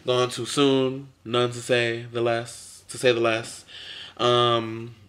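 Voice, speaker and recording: A young man talking casually to camera as a vlogger, sassy and chatty, with drawn-out fillers. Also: on the low side, fairly bright tone.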